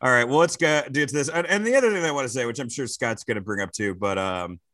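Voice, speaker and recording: Bright, crude podcast guy. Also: medium pitch, fast talker, no room sound. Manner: crude, animated, swearing freely. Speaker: podcast co-host. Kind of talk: casual comedy podcast chat.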